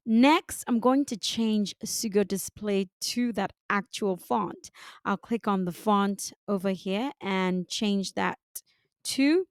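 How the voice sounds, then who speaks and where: A woman giving a calm, step-by-step software design tutorial, talking through each click. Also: medium pitch, no room sound, clean studio sound. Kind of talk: screen-recorded software tutorial.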